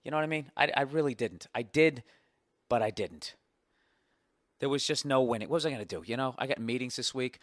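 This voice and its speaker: A man's voice: mid-range voice, a little fast, no room sound, clean studio sound. A man in his forties telling a comic story on his podcast, cursing freely and acting out both sides of an argument. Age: 40s. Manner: profane, animated rant with acted-out quotes. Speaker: podcast host. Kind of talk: casual comedic storytelling.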